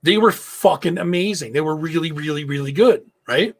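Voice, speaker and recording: Middle-aged male host, gravelly, slightly high voice, casual rambling storyteller with lots of cursing. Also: moderate pace. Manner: loose storytelling, frequent swearing and fillers. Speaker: live show host. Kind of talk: casual live-stream chat.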